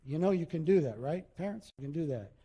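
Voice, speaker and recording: A male pastor preaching a sermon, animated, acting out little scenes and quotes as he goes. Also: a little high, fast, husky, long reverb tail, highs cut off.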